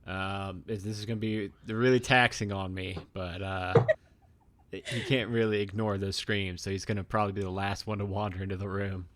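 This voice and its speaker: A man playing a tabletop game, talking in an easygoing, halting way. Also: low voice, level tone, fairly bright tone. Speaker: player.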